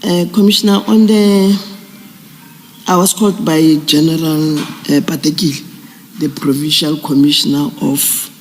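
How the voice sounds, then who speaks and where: A man, a police general testifying formally at an inquiry in a halting, measured way with frequent fillers. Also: a little high, little pitch movement, in a large hall, faint music behind, poor audio.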